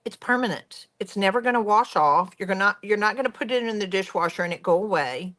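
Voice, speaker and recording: A woman's voice: mid-range voice, expressive, fast talker, a bit bright. A woman hosting a craft tutorial, chatty and enthusiastic as she talks viewers through each step. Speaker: craft workshop host.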